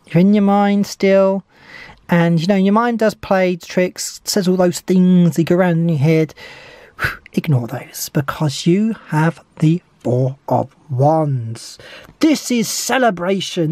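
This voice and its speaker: A woman's voice: mid-range voice, a little mellow, dry recording, clean studio sound. Eager woman giving a tarot reading. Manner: enthusiastic, repetitive encouragement. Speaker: tarot reader.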